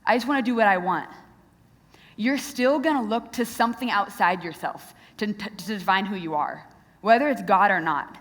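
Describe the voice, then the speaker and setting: A woman's voice: a little high, animated, brisk. Earnest young woman speaking in a hall. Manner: earnest, direct, asks the crowd questions. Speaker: Christian speaker. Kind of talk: youth talk to a live audience. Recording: long reverb of a large hall.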